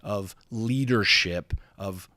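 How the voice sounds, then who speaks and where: A man's voice: on the low side, slow pace, pushed and bright, no echo, clean studio sound. A man hosting a podcast, telling a personal story in an intense, emphatic way, swearing often and restarting his sentences. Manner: intense, emphatic, profane, with frequent repeated starts. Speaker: podcast host.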